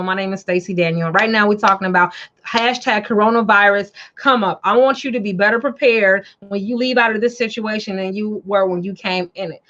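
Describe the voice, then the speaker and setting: A woman from Chicago hosting a casual livestream show, talking in an animated, chatty way and repeating her phrases. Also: medium pitch, muffled recording. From Chicago, USA. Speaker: show host and financial coach.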